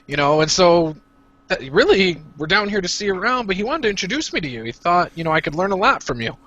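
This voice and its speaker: A man voicing an over-the-top male adventurer who gushes flattery. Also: high voice, quick pace, lo-fi sound, full character voice. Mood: flattering. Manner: gushing, flattering.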